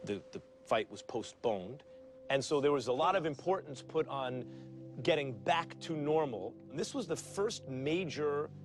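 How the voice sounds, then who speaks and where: A man's voice: a little high, expressive, measured pace, faint music behind. A man hosting a broadcast sports interview, asking polished, leading questions of retired boxers. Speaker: interviewer, co-host.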